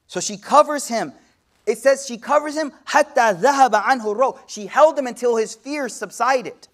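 A man giving a sermon-style lecture as an Islamic teacher, swinging from hushed to loud, with slangy asides and rapid Arabic recitation. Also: very high voice, expressive. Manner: slangy, addresses audience directly.

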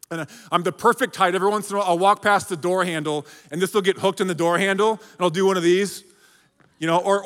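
A pastor with a high, bright male voice delivers an energetic sermon, joking and calling out to his congregation. A long hall reverb from the large church auditorium trails his words.

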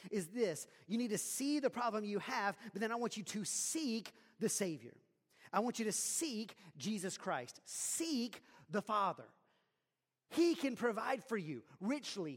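A man delivers a sermon in a high voice, dropping low and soft for scripture readings, then rising into loud, emphatic preaching. His voice carries a long reverb, as in a large church hall. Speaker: pastor.

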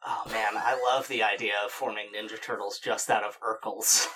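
A man's voice: on the low side, fairly even intonation, normal speed, pushed and bright, slight background noise. A man co-hosting a comedy podcast, joking casually and laughing at his own bits. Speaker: podcast co-host.

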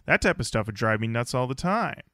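Male podcast co-host, bright clean tone, rambling chatty delivery, dry close sound. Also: medium pitch, sing-song, fairly quick, no room sound. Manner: rambling with restarts and fillers. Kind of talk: casual chat.

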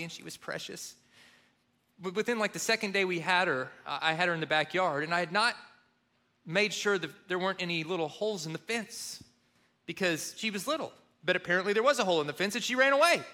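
A man's voice: high-pitched, sharp tone. A middle-aged man preaching a sermon, telling a self-deprecating story and acting out the people in it. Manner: storytelling, self-deprecating, acts out phone calls. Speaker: pastor.

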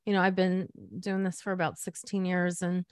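A woman's voice: lowish voice, monotone, moderate pace, smooth, no room sound. Middle-aged woman host, chatty storyteller, close dry mic. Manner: chatty, warm storytelling with frequent fillers. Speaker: podcast host. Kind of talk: conversational interview.

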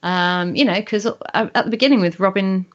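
A woman co-hosts a podcast, talking at a fairly quick clip in a medium-pitched voice. She's chatty, full of questions, and prone to rambling asides. The audio is muffled and lo-fi.

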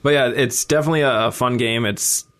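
A man's voice: mid-range voice, quick pace, a bit bright. A man co-hosting a podcast, a streamer who explains things at length in easygoing casual chat.

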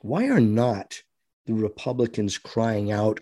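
A man's voice: mid-range voice, very animated, slow pace, warm tone, dry recording, studio quality. A man delivering an impassioned political monologue, preachy, with rhetorical questions and mocking voices. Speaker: political commentator.

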